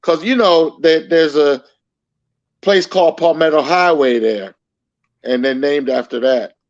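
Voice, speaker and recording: A man talking casually as a guest, explaining things in a relaxed way with a few repeats. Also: fairly high pitch, unhurried, highs cut off. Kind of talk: casual chat.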